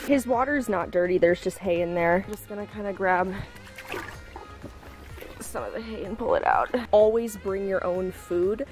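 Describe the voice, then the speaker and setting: A woman's voice: medium pitch, darkish tone. A young woman filming a casual travel vlog, chatty and tired, swearing freely. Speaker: vlogger. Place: in a car and at a horse stable.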